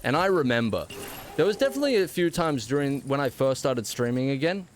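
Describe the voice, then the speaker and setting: A man's voice: medium pitch, expressive, a little fast, a little hiss or hum. A man with an Australian accent streaming a game, chatting casually and playfully with a mock-indignant edge. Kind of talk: casual live-stream chat while gaming.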